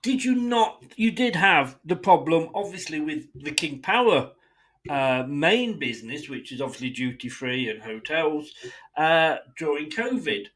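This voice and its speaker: An exasperated English man delivers a blunt, sweary fan rant. His voice sits high for a man and swings widely in pitch. He slips into quick mimicry of other people as he makes his case. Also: lively intonation, fairly bright tone. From England. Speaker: football fan channel host.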